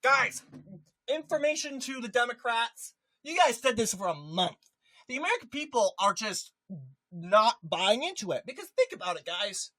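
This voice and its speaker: A political commentator ranting in an animated, emphatic way, often repeating a point for effect. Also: mid-range voice, normal speed, low-quality recording.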